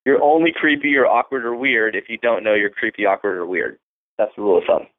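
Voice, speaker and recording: A man hosting a dating-advice podcast, talking bluntly and casually with plenty of swearing, acting out pickup lines as he goes. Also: mid-range voice. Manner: profane, blunt, acts out lines in quick asides. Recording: phone-like narrow band.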